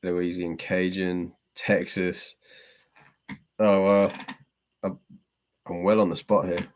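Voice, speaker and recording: A man's voice: low voice, flat delivery, takes it slowly, clean tone. A man hosting a live stream and answering chat, chatty and self-deprecating, laughing often as he reads the questions.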